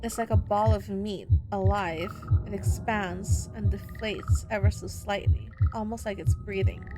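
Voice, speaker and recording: A woman streamer reading horror game text aloud, slow and dramatic with long pauses. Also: mid-range voice, fairly even intonation, music in the background. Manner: reads slowly with drawn-out pauses, then shouts angrily at the character.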